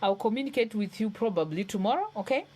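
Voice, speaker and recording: A woman's voice: mid-range voice, expressive, fast talker, darkish tone, husky. A woman hosting a live call-in stream, reassuring a caller and repeating her phrases for comfort. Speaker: host.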